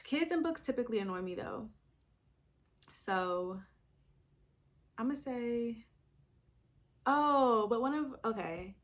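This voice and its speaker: A woman's voice: on the high side, lively intonation, a little slow, long pauses. A young woman, talking casually to the camera as a book vlogger, thinking aloud with sudden exclamations. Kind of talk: casual chat.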